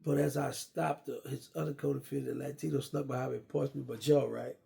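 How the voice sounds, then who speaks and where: A middle-aged man casually telling a long personal story, animated and acting out what others said. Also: mid-range voice, fairly quick, vocal fry. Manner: animated, acts out quoted dialogue. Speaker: guest storyteller.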